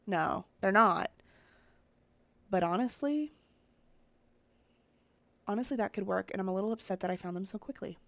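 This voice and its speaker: A woman's voice: medium pitch, animated, normal speed, creaky, pauses often, a bit bright, no room sound. A woman giving casual, chatty commentary as she builds characters in a life-sim game, thinking aloud and often talking straight to her viewers. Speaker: Sims content creator.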